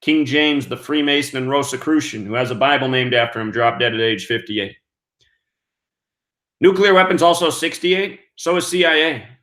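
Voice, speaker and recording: A man's voice: medium pitch, normal speed, fairly bright tone. A man hosting an online show, giving an emphatic monologue that counts out numbers and asks rhetorical questions. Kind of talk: monologue commentary. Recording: roomy echo.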